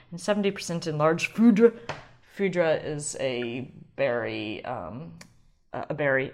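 A woman hosting a wine podcast alone, talking casually and excitably and often sidetracking herself. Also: low voice. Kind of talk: casual solo wine talk.

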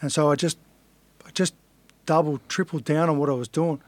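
A man's voice: fairly high pitch, steady tone, normal speed, no room sound. A man in his forties, a fighter being interviewed, telling his life story in a blunt, earnest way and swearing casually. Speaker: guest, fighter.

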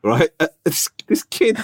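A man's voice: sits high, no room sound. A man in his forties telling a story in casual podcast chat, exasperated and swearing freely. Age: 40s. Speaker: podcast co-host.

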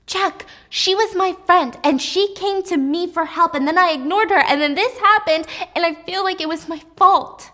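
A woman's voice: extremely high pitch, moderate pace, few pauses, pushed and bright, voice pushed up. A woman voicing a frightened young wife who pleads to be believed, distraught and insistent. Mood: distraught pleading.

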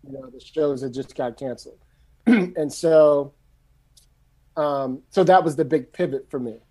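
A middle-aged man from San Francisco, a screenwriter telling his story in a loose, animated, casual way and swearing freely. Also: a little high, unhurried. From San Francisco, USA. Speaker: screenwriter guest.

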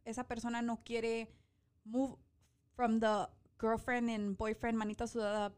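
A woman in her early thirties chatting casually as a co-host, calm and practical, mixing Spanish into English. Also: fairly high pitch, normal speed, clear, resonant tone. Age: early 30s. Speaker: podcast co-host. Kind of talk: casual chat.

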